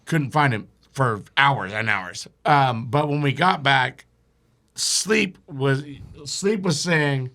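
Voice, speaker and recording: A man's voice: mid-range voice, slow, pushed and bright. A man telling a rambling, profane story as a guest on a podcast, laughing along as he goes. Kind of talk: casual storytelling.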